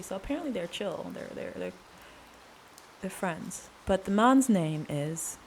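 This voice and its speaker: A woman hosting a solo podcast, talking in an earnest, conversational way with long pauses and casual slang. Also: mid-range voice, lively intonation, darkish tone. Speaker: podcast host. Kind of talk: reflective solo podcast monologue.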